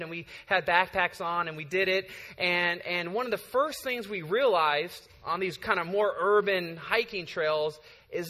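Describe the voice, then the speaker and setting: A man's voice: high-pitched, sharp tone, in a large hall. A man from the Bay Area preaching a sermon as a pastor, telling a story conversationally and often checking in with "right?". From San Francisco Bay Area.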